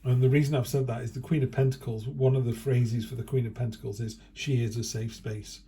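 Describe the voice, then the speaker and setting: A man's voice: medium pitch, fairly even intonation, brisk, mellow. A man giving a chatty, rambling tarot reading indoors, often breaking into playful quoted asides. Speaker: tarot reader. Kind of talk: casual tarot reading monologue.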